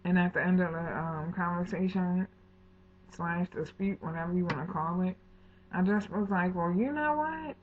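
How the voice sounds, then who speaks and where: Heated and indignant, this female vlogger recounts a real incident using slang, swearing, and quoted dialogue she performs herself. Her voice is fairly low and fairly flat in pitch, moving at a moderate pace over tinny phone-quality audio with a bit of background noise.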